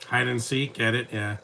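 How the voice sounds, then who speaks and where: Guy doing live movie commentary, bright forward voice, jokey rambling asides. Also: medium pitch, gravelly, slight background noise.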